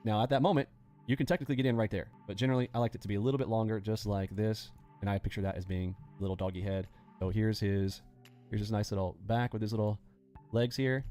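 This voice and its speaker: A man hosting a live day-trading lesson, animated and acting out panicking traders with sound effects as he explains. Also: on the low side, fast talker, soft background music. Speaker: day trading instructor and host.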